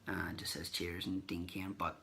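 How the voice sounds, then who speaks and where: Male vlogger, deep gravelly voice with a bright edge, chatty and rambling, acts out the conversations he retells. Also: flat delivery, normal speed, a little hiss or hum. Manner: rambling, acts out remembered dialogue. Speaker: collector vlogger. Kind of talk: casual anecdotal recap.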